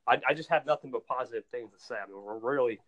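Animated and excitable, this male podcast host tells stories in casual conversation, frequently repeating himself. His medium-pitched voice moves quickly, and the highs in the recording are cut off.

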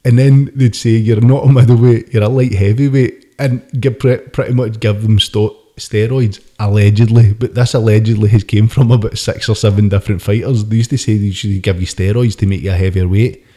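A man, co-hosting a casual sports podcast chat, talking in an animated way and swearing casually. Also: lowish voice, fairly quick, hardly any pauses. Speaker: podcast host.

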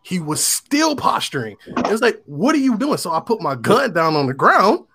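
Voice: mid-range voice, big pitch swings, normal speed, bright, forceful tone, slightly rough. A speaker in casual chat, adding to a story and quoting himself.

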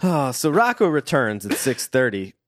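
A man's voice: mid-range voice, big pitch swings, moderate pace, no room sound. A man co-hosting a casual podcast, talking with a dry, sarcastic humor. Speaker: podcast co-host.

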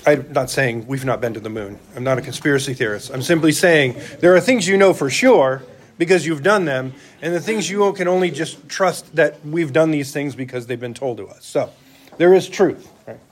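Chatty male preacher, slightly high voice. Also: moderate pace. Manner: conversational, rhetorical questions. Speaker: church elder preaching. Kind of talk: sermon.

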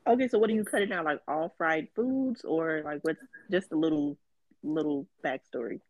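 A woman co-hosting a podcast. Her voice is hoarse as it recovers, and she chats in a teasing, animated way with some swearing. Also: deep voice, moderate pace, dry recording, muffled recording. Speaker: podcast co-host. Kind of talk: casual chat.

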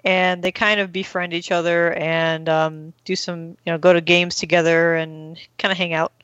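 A woman's voice: on the low side, little pitch movement, normal speed, a bit bright, no echo, muffled recording. A woman hosting a casual chat, rambling through a recap with many fillers and acting out quoted lines. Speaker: podcast host recapping an episode.

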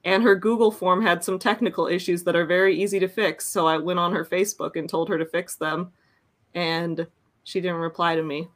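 A woman's voice: lowish voice, steady tone, brisk. A young woman co-hosting a podcast in casual chat, chatty and laughing often as she acts out her dog's reactions. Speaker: podcast co-host.

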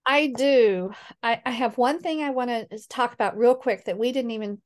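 A middle-aged woman speaking as a guest in a conversational interview, earnest and animated when she quotes others. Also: fairly high pitch, moderate pace. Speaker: guest, healing coach.

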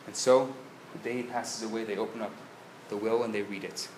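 A man, a rabbi, telling a story in a live lecture, swinging from hushed tones to loud bursts. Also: fairly low pitch, fairly even intonation, brisk, a little hiss or hum. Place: synagogue lecture hall, live audience. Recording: echoey live room with faint ambience.

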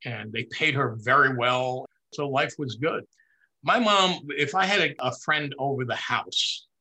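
An older man in an interview, recounting family memories in a lively storytelling way and laughing at his own anecdotes. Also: mid-range voice. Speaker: interview guest. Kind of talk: reminiscing in a conversational interview.

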